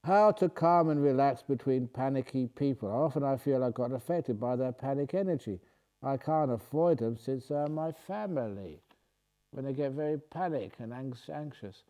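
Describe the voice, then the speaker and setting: A man's voice: mid-range voice, lively intonation, normal speed, mellow. A man who is a Buddhist monk answers retreat questions in a humorous, playful way. He reads each question aloud, then jokes his way into the answer. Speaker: Buddhist monk and meditation teacher.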